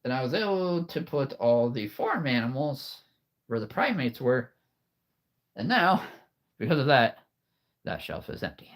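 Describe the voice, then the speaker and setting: A man with a medium-pitched, slightly bright voice hosts a casual livestream, sounding a bit out of breath. A figure collector, he rambles through viewer comments, chuckling often and tossing out playful wordplay.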